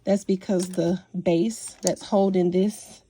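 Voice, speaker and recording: A woman's voice: on the low side, fairly even intonation, slow, mellow. Chatty sniffly woman teaching sewing. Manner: chatty, folksy, apologetic asides. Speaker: sewing tutorial host. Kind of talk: casual sewing tutorial. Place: home sewing room. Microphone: phone mounted near sewing machine.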